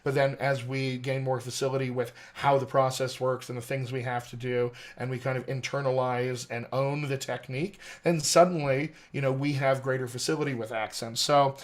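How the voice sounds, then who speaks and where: A man's voice: mid-range voice, little pitch movement, normal speed, hardly any pauses. A man working as an accent coach, explaining at length in a podcast interview, articulate and teacherly with frequent "you know" fillers. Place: podcast studio.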